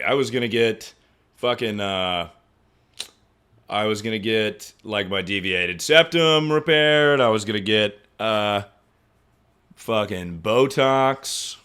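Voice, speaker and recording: A young man streaming, chatting casually and profanely about his injury, mocking himself with sudden loud outbursts. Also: mid-range voice, clean tone. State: injured, in pain. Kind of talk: casual livestream chat.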